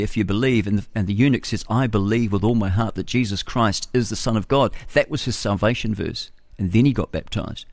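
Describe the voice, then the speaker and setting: Middle-aged man, New Zealand accent, breakfast radio host, chatty and opinionated, low-pitched, dry studio mic. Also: no echo. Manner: chatty, opinionated, laughs at own jokes. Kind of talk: rambling talk-radio monologue.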